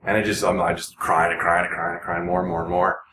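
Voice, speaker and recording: A man in his forties, a podcast guest, talking earnestly in a rambling, halting way full of restarts. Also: sits low, flat delivery. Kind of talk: casual podcast conversation. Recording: echoey room with noticeable background noise.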